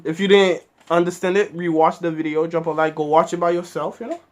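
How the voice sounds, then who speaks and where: A man's voice: fairly high pitch, steady tone, fairly quick, slight background noise. A man hosting a reaction video, reacting with blunt, slangy exclamations. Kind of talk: casual reaction commentary.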